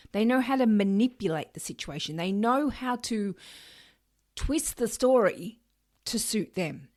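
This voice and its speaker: A woman's voice: mid-range voice, darkish tone. A woman hosting a solo podcast, talking emphatically and acting out people's thoughts. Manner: emphatic, acts out quoted thoughts of others. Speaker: podcast host.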